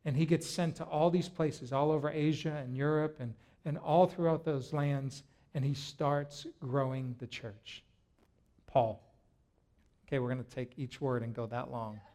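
A man preaching a sermon, retelling a story in a lively way and often stopping to restart his words. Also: mid-range voice, measured pace. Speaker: pastor.

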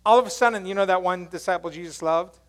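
A male pastor preaching a sermon, retelling a story in animated, casual language and questioning his congregation. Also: high voice, quick pace. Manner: casual slangy phrasing.

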